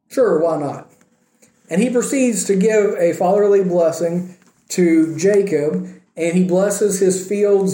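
Wry, high-voiced man teaching Scripture. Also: warm tone, reverberant. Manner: wry, joking storytelling with quoted voices. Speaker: Bible teacher. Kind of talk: casual Bible teaching.

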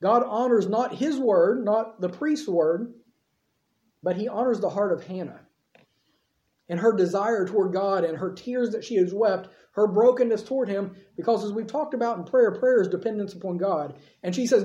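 A preacher delivering a sermon in an easy, conversational storytelling manner, with offhand asides. The voice is mellow and dark. It echoes through a church and sounds a little dull. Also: mid-range voice, moderate pace.

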